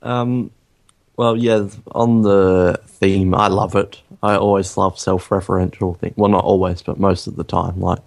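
A man with a very low, gravelly voice co-hosting a casual film chat. He is laid-back and tosses in joking asides, and his sound is dry and close. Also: little pitch movement, unhurried, a little mellow, no echo. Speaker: podcast co-host.

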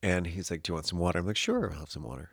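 A man in casual chat, telling a story in an animated, breathless way, with bursts of laughter and swearing. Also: deep voice, racing, gravelly, no echo, clean studio sound.

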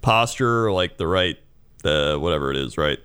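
Man, podcast co-host, tired, rambling, smooth voice, lowish. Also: animated, normal speed, fairly bright tone. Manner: laid-back, rambling, lots of fillers. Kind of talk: casual podcast banter.

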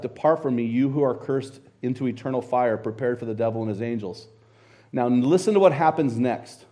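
A middle-aged American man preaching a sermon, telling a story in a lively, conversational way and quoting scripture. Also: medium pitch. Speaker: pastor.

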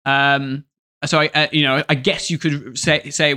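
A man's voice: fairly high pitch, little pitch movement, a little slow, pushed and bright, clear, resonant tone. A man co-hosting a podcast, chatting casually and animatedly, often laughing and quoting scenes. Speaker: podcast co-host. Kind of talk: casual chat review.

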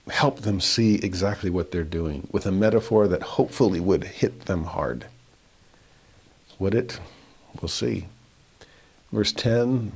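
Lower-voiced man teaching scripture. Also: a little mellow. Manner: reads verses slowly, then paraphrases with rising emphasis. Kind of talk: verse-by-verse scripture lesson.

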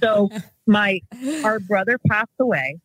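A woman's voice: mid-range voice, animated, unhurried, a crowd in the background, poor audio. Chatty woman telling a family story. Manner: rambling, self-correcting, acts out quotes. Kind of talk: casual storytelling.

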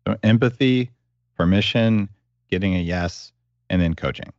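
A man's voice: low-pitched, moderate pace, a little mellow, no echo, highs cut off. A man hosting a podcast interview, asking direct, probing questions in a casual conversational way. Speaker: podcast host.

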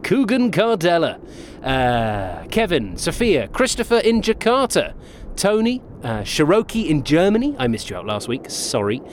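A cheery male sidekick with a bouncy, lively voice. He rambles, jokes and trips over names. A faint hiss runs underneath. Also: fairly high pitch, moderate pace. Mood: chatty. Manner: chatty, rambling, jokey. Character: chatty, cheery male sidekick, Watson-like flatmate.

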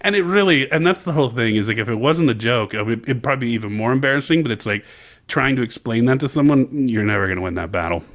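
A young adult man co-hosting a podcast, telling a casual story in an animated way and laughing often. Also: medium pitch, fast talker. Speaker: podcast co-host. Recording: podcast mic.

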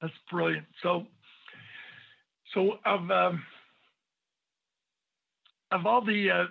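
A man's voice: sits high, steady tone, drawn-out words, creaky, husky. A male podcast host interviewing a guest, enthusiastic and asking long winding questions. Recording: tinny phone-like line.

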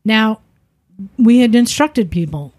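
A woman telling a story on a podcast in a casual, animated way, often acting out the people she quotes. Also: fairly high pitch, takes it slowly. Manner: animated, acts out quoted voices. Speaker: podcast guest.

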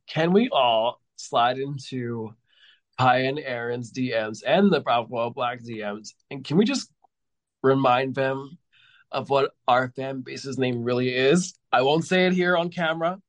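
A man's voice: medium pitch, dry recording. A man, a podcast guest, telling rambling stories in casual chat with lots of fillers. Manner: rambling storyteller, heavy with fillers.

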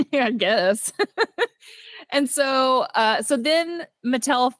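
A woman co-hosting a casual movie podcast, retelling a film with lively quoted voices and frequent laughter. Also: high-pitched, extremely slow, no echo. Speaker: podcast co-host. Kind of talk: casual movie recap chat.

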